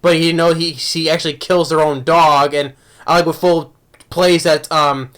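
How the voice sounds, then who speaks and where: A man's voice: on the high side, fairly even intonation, moderate pace, a bit bright. A young man casually reviewing a movie, rambling with many restarts and laughs.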